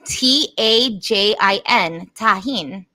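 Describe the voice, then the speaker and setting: Bright-voiced woman on a video call. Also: mid-range voice, slow. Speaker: co-host. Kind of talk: casual chat.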